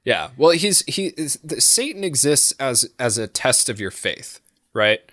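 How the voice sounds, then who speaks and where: A man's voice: medium pitch, very animated, measured pace, fairly bright tone, no echo, clean studio sound. A man chatting casually on a podcast, telling stories in a rambling, profane way with lots of fillers. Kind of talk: casual chat.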